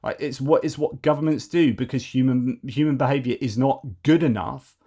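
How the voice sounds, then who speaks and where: A man hosts a news commentary show, delivering an opinionated monologue at a moderate pace. His medium-pitched voice is dark-toned and slightly rough, and he argues digressively with many fillers and restarts.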